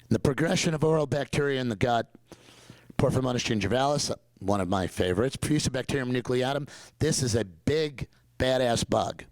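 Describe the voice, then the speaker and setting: A middle-aged man with a New York accent delivers a lively, joking conference talk, pushing his points with emphatic repetition. His voice sits at an ordinary pitch for a man. The sound is dry, with little room around it. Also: dry recording, low-quality recording. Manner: animated, joking, emphatic storyteller. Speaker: dentist giving a talk. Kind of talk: conference presentation.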